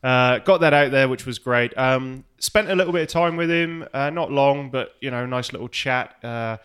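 A man's voice: mid-range voice, normal speed, a bit bright, clean tone. A man co-hosting a podcast, telling boastful, joking stories in casual chat. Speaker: podcast co-host.

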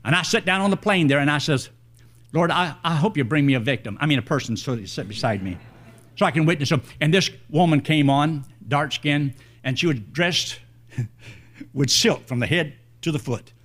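An older man preaching a sermon, telling a personal story in a folksy, animated way. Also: on the high side, moderate pace.

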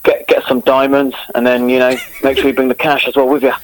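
A man's voice: medium pitch, monotone, fast, slight background noise, lightly acted, low-quality recording. A man putting on a Cockney accent to play a chummy London crook planning a getaway, with jokey street patter. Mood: cheeky. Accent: Cockney, put on.

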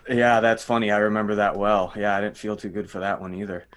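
Easygoing low-voiced young man. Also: steady tone, quick pace. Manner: easygoing, agreeable, chuckles along. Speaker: touring band musician. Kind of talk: casual chat.

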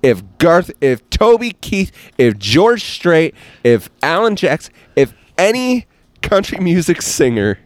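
A man's voice: medium pitch, clear, resonant tone, no echo. A man hosts a podcast outdoors by a bonfire, ranting playfully and with emphasis. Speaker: podcast host. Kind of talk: casual podcast chat. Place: outdoor patio around a bonfire.

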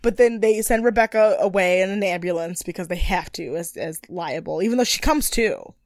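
Woman podcast co-host, casual and animated, quick to swear and laugh, dry close sound. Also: lowish voice, dry recording. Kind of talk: casual recap chat.

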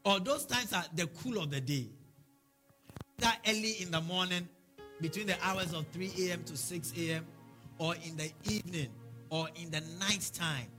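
A male pastor delivers a sermon with fervent, repetitive declarations. His voice sits a little high for a man. Soft music plays faintly beneath him. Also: normal speed. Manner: fervent preaching with repeated declarations.

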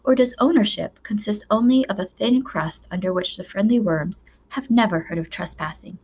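Woman, audiobook narrator, mid-pitched, measured expressive storytelling, scripted narration. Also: slightly rough.

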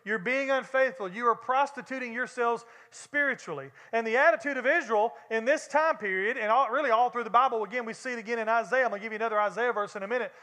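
A man with a Southern US accent delivering a sermon, talking straight to the congregation in an easy, conversational way. His voice sits high and sounds bright and forward. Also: fast, hardly any pauses. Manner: conversational preaching, addresses congregation directly. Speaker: pastor.

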